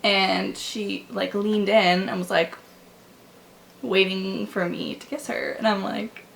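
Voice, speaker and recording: A young woman vlogger telling a personal story in a candid, halting way, full of likes and restarts, recorded on a camera mic in her room. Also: medium pitch, steady tone, vocal fry, fairly bright tone, poor audio. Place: bedroom with window open.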